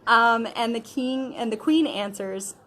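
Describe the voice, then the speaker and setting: A woman's voice: on the high side, unhurried, fairly bright tone. Casual female Bible study teacher, conversational storyteller, slangy, filler-heavy. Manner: conversational storytelling, retelling scripture in modern slang; chatty, with frequent fillers like okay and um.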